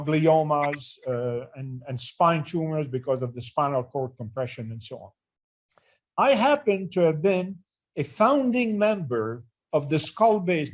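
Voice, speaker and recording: An older man, a retired neurosurgery chair, earnestly recalling his career in an interview and often restarting phrases. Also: fairly high pitch.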